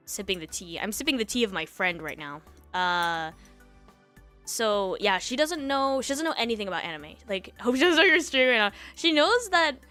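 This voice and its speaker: A woman's voice: medium pitch, sharp tone. A young woman streamer telling a story in casual chat, rambling with lots of fillers and laughs between thoughts.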